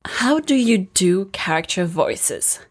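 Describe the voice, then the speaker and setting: Woman listener, slow and curious, asking a recorded question. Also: mid-range voice, lively intonation, husky. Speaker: listener leaving a voice message.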